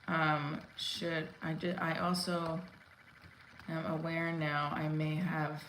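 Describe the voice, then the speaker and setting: A woman in her forties, a comedian, rambles casually on a home livestream with many fillers and restarts. Her voice is low-pitched and fairly bright, delivered slowly and flatly. The room is echoey, with faint ambient noise.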